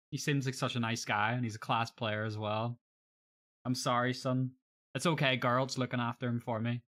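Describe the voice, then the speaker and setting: Young man, bright tone, mid pitch, casual stream chat, joking, profane.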